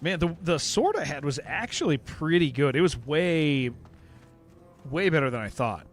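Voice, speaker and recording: A game streamer with a fairly high voice talks in a loose, rambling way, circling back over his points with emphasis. He answers his viewers' chat messages as they come in. Faint music plays underneath. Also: big pitch swings, moderate pace.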